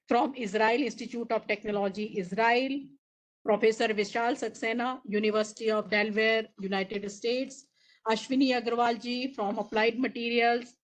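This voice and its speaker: A woman's voice: a little high, low-quality recording. A woman moderating a session and giving formal closing remarks, earnest and emphatic as she reads a long list of names. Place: conference hall.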